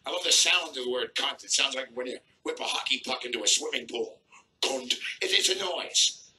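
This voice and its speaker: A middle-aged man doing a crude stand-up set on a live stage, in a gruff, deadpan manner. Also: medium pitch, fairly quick, rough recording. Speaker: stand-up comedian.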